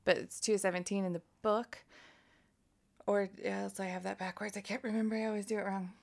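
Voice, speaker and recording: A woman co-hosting a casual podcast chat, excitable and quick to laugh, swearing freely as she talks. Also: medium pitch, vocal fry. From Colorado, USA. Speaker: podcast co-host.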